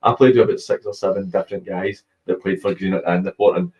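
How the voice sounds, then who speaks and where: A Scottish man hosting a football show, chatting casually with banter and quick asides. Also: sits low, fairly even intonation. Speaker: radio football show host. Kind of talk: casual sports chat. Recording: muffled lo-fi stream audio.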